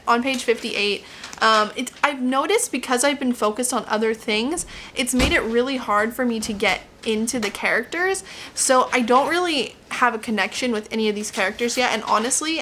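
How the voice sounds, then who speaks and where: A young woman chats casually to her camera at home about her reading, laughing at herself as she goes. Her voice sits a little high and sounds bright and clear. A faint hum of household noise runs underneath. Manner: chatty, self-deprecating, laughs often. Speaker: book vlogger. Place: home, kitchen table by a window. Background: washer and dryer running.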